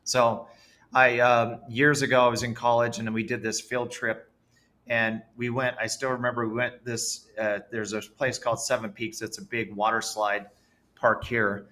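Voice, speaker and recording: A man who founded a business chats on a casual podcast, enthusiastically and animatedly telling stories in a mid-range voice at normal speed.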